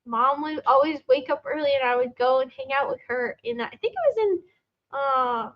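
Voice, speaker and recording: Excitable high-voiced woman, lo-fi sound. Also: moderate pace. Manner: excitable, swears often, laughs a lot. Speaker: podcast co-host. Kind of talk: casual chat.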